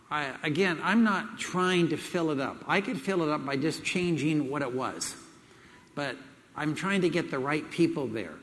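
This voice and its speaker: This older man speaks at a Christian gathering, delivering a seminar talk laced with folksy, chuckling jokes and plenty of fillers. He sounds somewhat high-pitched and a bit bright. The setting is a big audience-filled hall whose long reverb rings through the recording.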